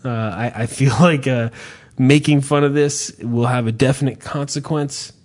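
A man's voice: medium pitch, steady tone, normal speed, a little mellow. Profane rambling man telling a story. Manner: hesitant, repeats himself. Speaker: podcast host. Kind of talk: casual chat.

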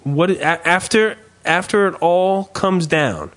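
A man hosting a podcast in casual chat, rambling and swearing freely while riffing with dark humor. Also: high voice, slow pace. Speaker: podcast host.

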